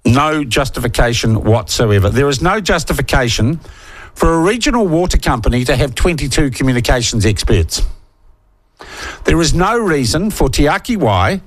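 A middle-aged man with a New Zealand accent hosting a talkback radio show, ranting with forceful indignation. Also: mid-range voice, dry recording. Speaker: talk radio host. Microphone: studio microphone.

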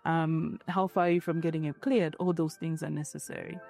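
Married woman guest, earnest and direct, low mellow voice, faint music underneath. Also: fairly even intonation, fairly quick, gravelly. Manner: earnest, repeats key points, frequent "right?" tags. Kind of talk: candid conversational interview.

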